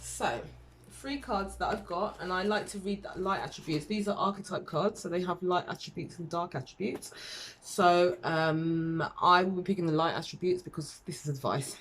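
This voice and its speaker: A woman's voice: on the low side, moderate pace, fairly bright tone, a little hiss or hum. Chatty woman doing a tarot reading. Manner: chatty, rambling, self-deprecating, with fillers and laughs. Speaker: tarot reader. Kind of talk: casual tarot reading to camera.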